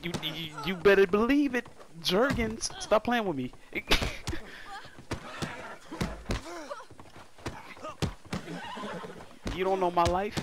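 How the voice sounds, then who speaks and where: A man's voice: sits high, lively intonation, normal speed. Laughing man trash-talking over game noise. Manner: joking trash talk, laughing often. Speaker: gaming streamer. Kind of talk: casual gameplay commentary.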